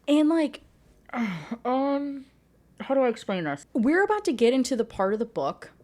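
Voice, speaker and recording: A woman's voice: sits high, very animated, unhurried, darkish tone. A woman giving a candid, exasperated rant review of a book, peppering her talk with "like" as she vents. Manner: exasperated, candid, heavy use of 'like'.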